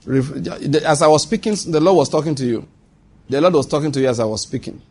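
A man's voice: on the high side, expressive, fast talker, a little mellow, husky. A man preaching a sermon, earnest, teasing and exhorting.

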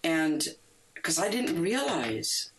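An older woman, a rock musician, telling stories in a casual interview, animated and quick to laugh, acting out the lines she quotes. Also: sits low, poor audio. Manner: animated, laughs often, acts out quoted dialogue.

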